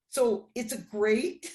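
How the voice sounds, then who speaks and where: A woman guest, a crime analyst, telling a story on a podcast and acting out the dialogue with lively voices. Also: mid-range voice, a little hiss or hum.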